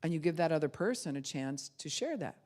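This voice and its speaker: A middle-aged woman pastor giving a conversational teaching sermon, animated, swinging from loud outbursts to soft, slow asides. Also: deep voice.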